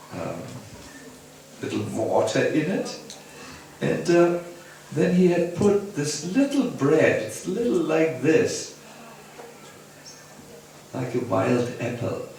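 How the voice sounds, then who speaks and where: A man's voice: mid-range voice, gravelly, darkish tone. A man, a monk teacher, telling a devotional story in a lecture, hesitant with fillers and chuckles. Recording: echoey hall, voice from far off.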